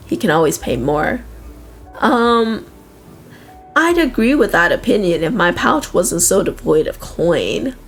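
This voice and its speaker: A woman's voice: mid-range voice, big pitch swings, a little slow, faint music behind. A young woman streaming a role-playing game, reading its text aloud with amused reactions.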